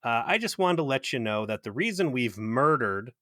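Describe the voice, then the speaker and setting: A man's voice: mid-range voice, big pitch swings, normal speed, sharp tone, no room sound. A lovesick alien woman pleads to be remembered, as a man jokingly puts her on. The voice sits in the middle register, earnest and overdone. It is recorded on a dry, close podcast mic. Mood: pleading.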